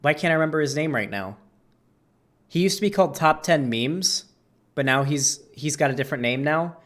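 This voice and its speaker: A man's voice: fairly high pitch, animated, moderate pace, a bit bright. Young guy ranting on his channel, swears a lot, says like constantly, kinda rambly. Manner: rambling, lots of "like", swears freely. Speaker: host. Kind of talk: profane reaction commentary.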